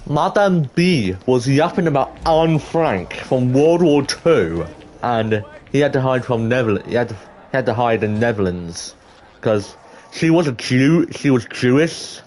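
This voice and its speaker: Teen boy, vlogger, excitable and rambling, mid-pitched voice, faint noise behind. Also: a little slow. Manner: excitable, rambling, with many restarts and exclamations. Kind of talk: casual storytelling to camera.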